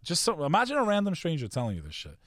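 A man's voice: fairly high pitch, huge pitch swings, racing, no room sound, studio quality. A man in his forties chatting casually on a podcast, an emphatic and profane storyteller who calls people "bro". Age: 40s. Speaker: podcaster, guest.

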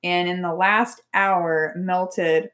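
A woman in her thirties chatting casually, telling animated stories and acting out quotes, swearing freely. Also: lowish voice, very slow. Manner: animated storytelling, acts out quotes with profanity. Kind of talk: casual chat.

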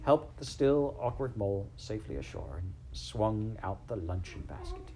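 Gentle man reading a storybook aloud. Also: lowish voice, big pitch swings, normal speed, a little hiss or hum, low-quality recording. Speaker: narrator.

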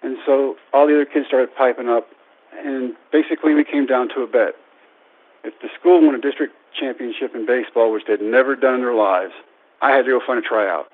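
A man in his thirties telling a personal story in a speech, self-deprecating and animated. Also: mid-range voice, fairly quick. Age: 30s. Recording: tinny phone-like radio sound.

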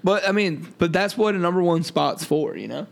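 Young male podcast co-host, gravelly and a touch high, relaxed banter with frequent fillers. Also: moderate pace. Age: young adult. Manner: laid-back, filler-heavy, joking. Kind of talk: casual chat.

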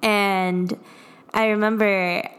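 A woman's voice: medium pitch, flat delivery, drawn-out words, fairly bright tone. A young adult woman in casual chat, telling a personal story in a rambling way, full of fillers and laughs. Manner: rambling, lots of "like", laughs often.

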